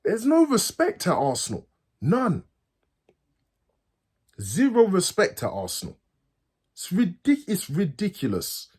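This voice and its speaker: Furious swearing football fan, husky voice. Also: male voice, wildly swooping pitch, a little slow, long pauses. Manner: furious, swearing, repeats himself; pitch swings from loud highs to low mutters. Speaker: football fan channel host. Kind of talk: angry fan rant.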